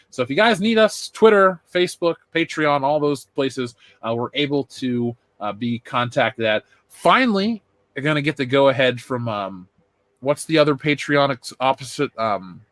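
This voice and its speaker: A man hosts a pop culture podcast with loose, joking banter and plenty of swearing. His pitch swings in an animated way, and his voice is close and dry. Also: no echo. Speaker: podcast host. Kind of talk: casual chat.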